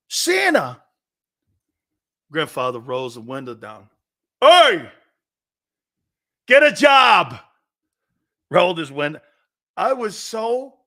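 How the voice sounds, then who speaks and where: A man hosting a sports talk show, telling stories loudly and laughing often between lines. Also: medium pitch. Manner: loud, laughing, storytelling.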